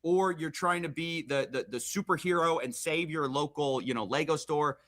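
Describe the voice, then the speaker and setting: A man hosting a live stream, casually commenting on a video clip with loose, halting restarts. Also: on the high side, fairly bright tone. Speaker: streamer host.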